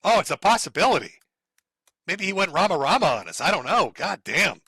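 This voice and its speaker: A man's voice: high-pitched, big pitch swings, brisk, bright, forceful tone, husky, dry recording. A middle-aged man hosting a live stream, giving sarcastic, mocking commentary on a clip and laughing often. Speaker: streamer host.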